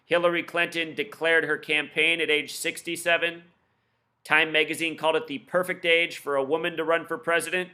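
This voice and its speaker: A man explaining his theories in a solo video, rattling off numbers quickly and insistently, with scornful asides. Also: on the high side, flat delivery, bright, forceful tone. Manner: rapid-fire, insistent, admits talking too fast; lists numbers and codes in rapid bursts. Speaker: video commentator.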